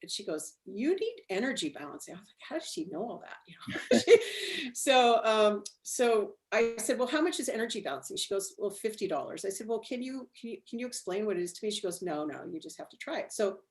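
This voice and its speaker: A woman's voice: on the high side, lively intonation, fairly quick. A middle-aged woman telling her story as an interview guest, rambling with fillers and restarts and laughing often.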